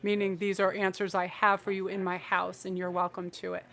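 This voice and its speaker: A woman's voice: medium pitch, level tone, brisk, fairly bright tone. Effusive woman giving a live tarot reading. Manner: effusive and emotional, rambling with restarts. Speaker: tarot reader and channel host. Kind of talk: live-streamed psychic reading.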